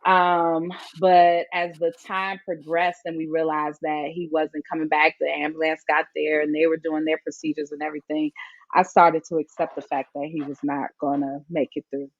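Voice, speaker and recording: A woman's voice: low-pitched, level tone, normal speed, no room sound, lo-fi sound. A woman guest speaking earnestly and reflectively in an interview, telling a personal story. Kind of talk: conversational interview.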